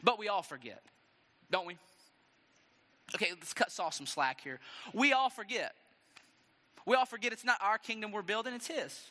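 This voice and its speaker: A male pastor delivering a sermon with dramatic, animated storytelling and a string of rhetorical questions. His voice sits high and very bright, and it leaps around expressively. Long reverb from a large hall follows every phrase. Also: normal speed, pauses often.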